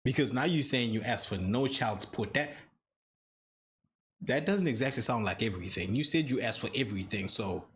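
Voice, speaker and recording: Brief: Zimbabwean-accented guy, lively swooping delivery, jokey mock-apologetic reaction host. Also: medium pitch, normal speed, slight background noise. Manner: playful, teasing, mock-apologetic. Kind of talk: comedic reaction commentary.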